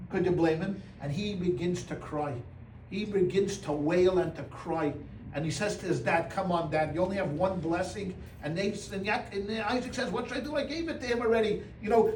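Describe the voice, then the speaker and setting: A man, a rabbi, teaching a Torah class to a small audience in lively storytelling style, acting out voices with Yiddish exclamations and humor. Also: high-pitched. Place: room with a live audience. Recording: roomy sound from a distance, faint room noise.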